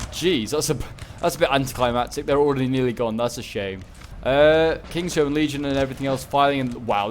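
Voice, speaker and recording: Guy rambling excitedly over a game battle, mid-pitched, gunfire loud behind him. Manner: chatty, excitable, rambling with fillers. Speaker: gaming channel host. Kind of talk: casual game battle commentary. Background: game gunfire and battle noise.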